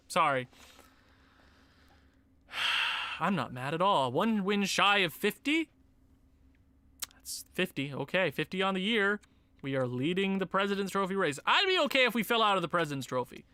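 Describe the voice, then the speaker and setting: Excitable young man commenting on gameplay. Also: high voice, moderate pace, dry recording. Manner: excitable, talks to his players, bursts into shouts and laughs. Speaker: gaming YouTuber.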